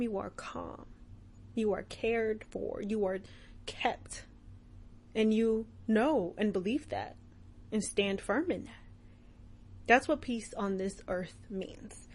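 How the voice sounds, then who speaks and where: A young woman hosting a podcast, talking about faith in an earnest, animated way and often laughing. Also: medium pitch, slightly rough. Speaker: podcast host. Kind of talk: casual faith talk.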